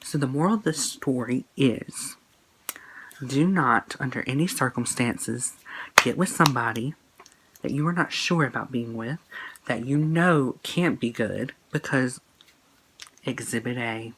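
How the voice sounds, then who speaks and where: A man's voice: mid-range voice, unhurried, a bit bright, slight background noise, rough recording. A young man vlogging a personal breakup story to his phone camera, earnest and emotional, rambling with fillers and quoted texts. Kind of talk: casual storytime monologue.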